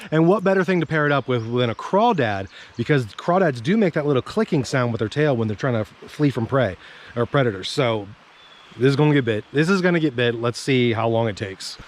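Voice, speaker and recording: Excitable man fishing a creek. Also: medium pitch, brisk, slight background noise. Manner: excitable, talks to himself and viewers. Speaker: fishing vlogger. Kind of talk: casual outdoor fishing commentary. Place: creek bank outdoors.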